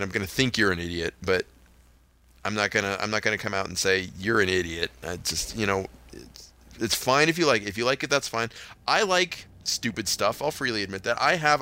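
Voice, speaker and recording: Blunt, bright-voiced man chatting. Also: medium pitch, no room sound. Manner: blunt, rambling, wry. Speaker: podcast co-host. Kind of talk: casual chat.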